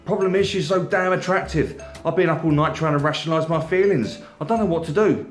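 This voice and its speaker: A man voicing a weary, conflicted young man with a croaky, glum way of talking, in an echoey room. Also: a little high, fast talker, faint music behind, voice pushed up, lightly acted.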